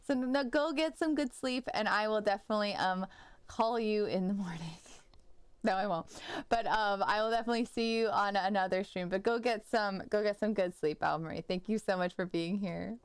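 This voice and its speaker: A woman's voice: medium pitch, moderate pace, clean tone, no echo. Chatty young woman streaming games. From United States. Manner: rambling and chatty, full of "like" and restarts. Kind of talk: casual live-stream chat while gaming.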